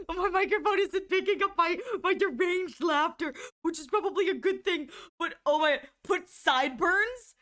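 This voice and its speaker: A woman's voice: extremely high pitch, moderate pace, fairly bright tone. A woman streaming while she draws, chatting casually to her viewers and breaking into helpless laughter. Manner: giggly, breaks into helpless laughter, talks to chat while drawing. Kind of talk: casual live art stream chat.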